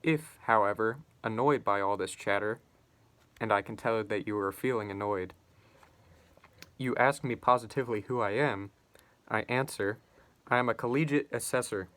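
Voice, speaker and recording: A man reading aloud as a bitter, spiteful forty-year-old retired clerk, with emphatic, slowed declamation and sarcastic outbursts. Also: fairly low pitch, fairly bright tone, lightly acted. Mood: bitter, sardonic.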